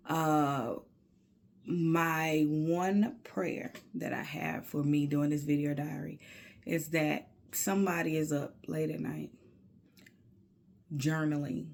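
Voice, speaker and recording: A woman talking to her camera in a personal video journal, slow and reflective, often dropping into soft near-whispered asides between casual fillers. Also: low-pitched, gravelly. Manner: casual, with many fillers and spiritual musing. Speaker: video diarist.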